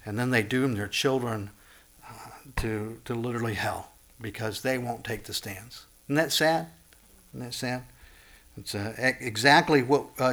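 A pastor preaches a sermon and reads scripture with passion, his voice climbing high and loud on warnings before dropping low and soft.

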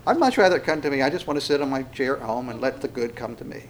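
A male pastor preaching in a relaxed, folksy way with frequent fillers and restarts. He slows down and raises his voice when reading scripture verses aloud. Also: medium pitch, a little hiss or hum. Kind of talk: conversational sermon with scripture reading.

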